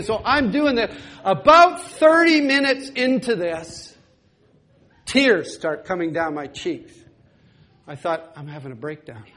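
A man telling a personal story in a sermon, animated and often laughing, and now and then singing a few lines. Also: very high-pitched. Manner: animated, laughing storyteller who breaks into song. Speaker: preacher.

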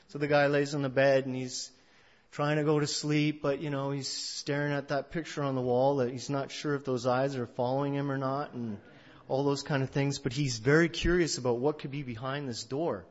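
A male pastor giving a sermon, telling a story in a conversational way that swings between loud and hushed. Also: mid-range voice, steady tone, normal speed. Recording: dull lo-fi recording.

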